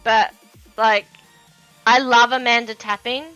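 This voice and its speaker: A woman's voice: on the high side, flat delivery, takes it slowly, a bit bright, no room sound, lo-fi sound, soft background music. An Australian woman rambling in casual chat while she paints on a livestream, laughing often. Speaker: livestream host.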